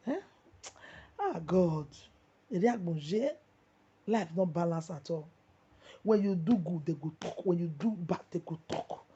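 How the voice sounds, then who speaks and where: A Nigerian woman preaches with fervor, circling back to the same phrases again and again. Her voice is dark and very husky. The recording is dull and muffled. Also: on the low side. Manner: impassioned, repetitive, preachy. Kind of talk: preaching monologue.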